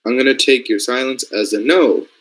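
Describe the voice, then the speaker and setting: A young Canadian man with a medium-pitched voice talks briskly, and the audio is poor. He's a robotics programming mentor giving a casual coding lesson over screen share, thinking through problems aloud and regularly checking that everyone follows.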